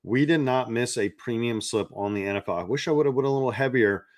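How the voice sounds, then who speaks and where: A man's voice: mid-range voice, a little fast, no room sound, studio quality. A man hosting a sports betting show, talking in a hyped, salesy way and repeating his points. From not from the South. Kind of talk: energetic betting-picks monologue.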